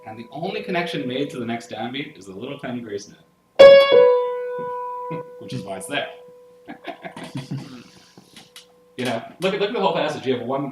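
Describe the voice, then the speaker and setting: A male music theory teacher lectures with eager enthusiasm, walking through each passage step by step and often checking in with his listeners. His mid-pitched voice rings out in a roomy, echoing space. A piano plays clearly behind him. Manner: explains step by step with solfege and frequent "right?" checks; energetic and enthusiastic about the music. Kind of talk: classroom analysis lecture. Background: piano playing.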